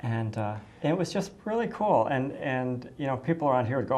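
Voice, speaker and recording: A woman's voice: very deep voice, very animated, a little fast, dark tone. A middle-aged woman from the United States casually telling a personal story, effusive and rambling, with many restarts and fillers.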